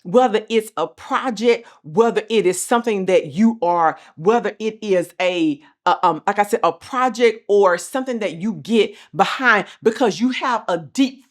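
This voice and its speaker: A woman's voice: mid-range voice, normal speed, few pauses. A middle-aged woman giving a motivational speech as host, repeating phrases with an emphatic, preacher-like cadence. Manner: swings from soft and calm to loud and passionate. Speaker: motivational speaker and show host.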